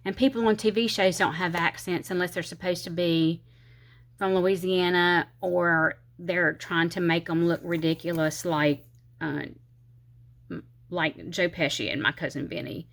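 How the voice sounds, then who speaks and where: A woman's voice: fairly low pitch, steady tone, a little slow. A middle-aged woman with a Southern US accent, chatting casually and rambling as she decorates her planner, with slightly slurred speech, sometimes counting under her breath. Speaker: planner channel host. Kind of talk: casual chatty crafting vlog.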